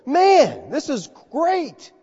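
A man preaching a sermon who voices an excited male apostle marveling at new food, speaking loud and high. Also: extremely slow, exaggerated voice. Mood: amazed. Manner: loud, high, wide-eyed exclamations. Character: excited adult male apostle, amazed and eager. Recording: reverberant hall, slightly dull sound.

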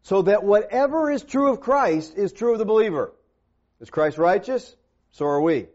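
Lively male preacher, lo-fi recording. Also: sits high. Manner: lively, stresses key words and slows down on quotes. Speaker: pastor. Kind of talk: expository Bible teaching sermon. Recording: dull lo-fi sermon recording.

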